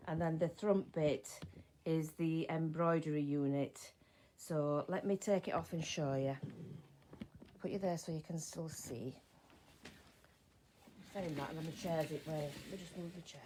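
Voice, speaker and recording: A woman's voice: sits low, steady tone, unhurried, long pauses, warm tone, slight background noise, low-quality recording. Tired chatty English woman live-streaming sewing. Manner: chatty, greets viewers by name, loses her words. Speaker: sewing channel host. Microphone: phone or camera mic.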